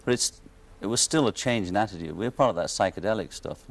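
A man's voice: lowish voice, quick pace, vocal fry. A man from Liverpool with a Liverpool accent, a guest on a television talk show, chatting in a wry, joking way and laughing often. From Liverpool, England. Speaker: guest musician. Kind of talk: casual talk show chat. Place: television studio set.

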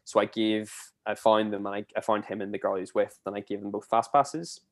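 Chatty young man telling stories, low voice. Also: brisk. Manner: chatty, rambling, animated when telling stories. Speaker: podcast guest, former theme park cast member. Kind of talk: casual anecdotal storytelling.

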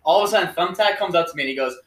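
A man hosting a comedy podcast, telling stories in an excitable, animated way. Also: sits high, very fast, echoey room. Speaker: podcast host. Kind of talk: casual comedy chat.

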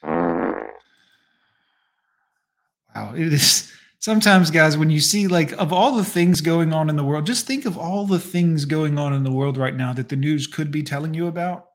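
Male reaction host, mocking and crude, slightly high voice. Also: animated, moderate pace. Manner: sarcastic, mocking asides. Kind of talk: casual profane reaction commentary.

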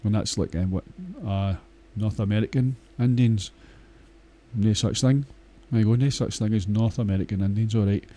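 Blunt, crude and full of swearing, this Scottish man rambles casually, hesitating with lots of fillers. He has a lowish, mellow voice and a moderate pace.

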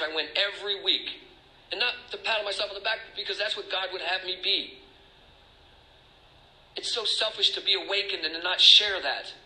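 A man's voice: sits high, bright, forceful tone, reverberant, poor audio. A middle-aged man speaking as a recovery speaker, emotional and confessional, rambling with restarts. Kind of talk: personal testimony talk.

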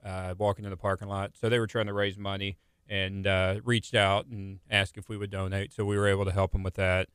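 A man's voice: deep voice, flat delivery, brisk, few pauses, a bit bright, smooth, dry recording. A young man, a small business owner and stay-at-home dad, chatting casually and often restarting his sentences. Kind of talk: casual chat.

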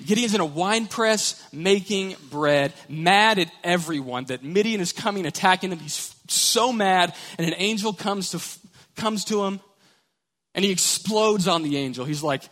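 Animated male pastor in a reverberant church. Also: high voice, moderate pace. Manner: animated, storytelling. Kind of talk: sermon. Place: church sanctuary.

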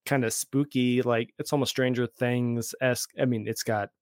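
A man hosting a casual podcast chat, animated and laughing, with the hiccups. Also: moderate pace, no echo, studio quality. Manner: animated, laughing, mimics characters in high voices. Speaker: podcast host.

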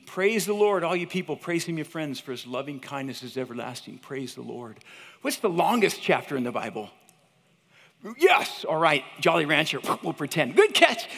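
A man in his fifties with a fairly high voice gives an animated chapel talk, telling stories and calling out "you guys" to the room. His voice carries a long reverb tail from the large hall. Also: husky. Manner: animated, chatty, addresses listeners as "you guys". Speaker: teacher giving a chapel talk. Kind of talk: storytelling sermon.

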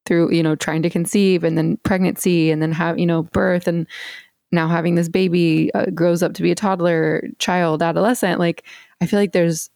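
A woman's voice: lowish voice, level tone, normal speed, creaky, darkish tone, dry recording, clean studio sound. A woman hosting a podcast, talking earnestly and casually with lots of "like" and "you know" fillers. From United States. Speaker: podcast host.

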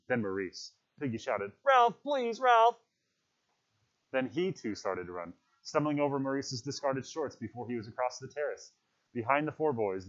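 A man reading a novel aloud in steady, measured scripted narration. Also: lowish voice. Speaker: audiobook narrator. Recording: dull lo-fi recording.

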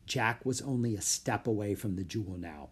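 A man reading a children's adventure book aloud, measured and slowing for suspense. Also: fairly low pitch, animated, slightly rough. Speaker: audiobook reader. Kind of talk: scripted narration.

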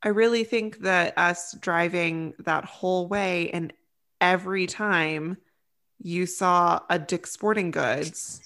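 A woman's voice: lowish voice, takes it slowly, fairly bright tone. A young woman co-hosting a podcast, teasing a friend in casual chat and often breaking into giggles. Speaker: podcast co-host.

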